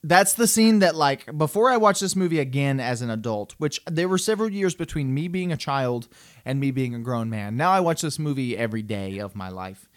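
Animated young man with dry sound. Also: medium pitch, a little fast, no room sound. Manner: animated, jokey, talks over others. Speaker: podcast co-host. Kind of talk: casual chat about a movie.

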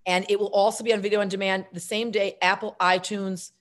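A middle-aged actress and filmmaker telling stories as an interview guest, lively and self-mocking, jumping between tangents. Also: female voice, mid-range voice, a little fast. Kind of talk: casual interview storytelling.

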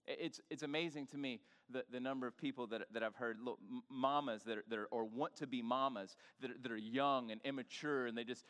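A male pastor preaching an animated sermon in church, bantering with the congregation and urging them to talk back. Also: medium pitch, brisk, few pauses, clear, resonant tone, long reverb tail. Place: church sanctuary.

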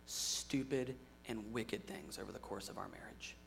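A young adult man preaching a sermon in an earnest way, moving from emphatic lines to quiet, hushed ones. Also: lowish voice, moderate pace, creaky, breathy edge. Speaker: pastor.

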